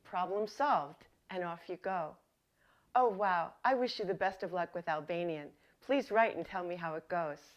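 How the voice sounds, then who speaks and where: Deadpan woman as mock professor. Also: on the low side, a little slow. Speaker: comedy host. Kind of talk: mock language lesson sketch.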